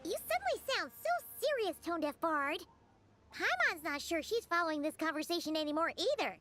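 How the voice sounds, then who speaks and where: Paimon, a squeaky little companion. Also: female voice, lively intonation, normal speed, fairly bright tone, faint music behind. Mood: chatty. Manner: squeaky, speaks of herself in third person. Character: tiny female floating companion, chatty, excitable. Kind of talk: video game voice acting.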